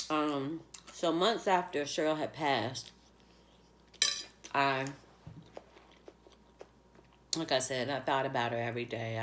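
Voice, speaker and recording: Very deep-voiced woman, close to tears, heartfelt rambling storytime, faint background noise. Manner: heartfelt, rambling, with many fillers. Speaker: vlogger telling a personal story. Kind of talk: emotional storytime narration.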